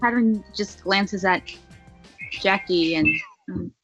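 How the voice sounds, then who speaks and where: A woman plays in a tabletop role-play, talking very slowly and hesitantly, often pausing on fillers. Her voice is mid-pitched. The audio is muffled, with faint music behind. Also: fairly bright tone. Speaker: player.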